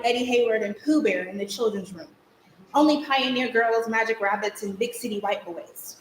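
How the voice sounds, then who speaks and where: Spirited girl telling her story on stage, a young woman acting it, fairly high voice, echoey live room, faint hum. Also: lightly acted. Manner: vivid, rhythmic storytelling with shifting emphasis. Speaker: stage actor. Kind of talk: theatrical monologue. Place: theater stage.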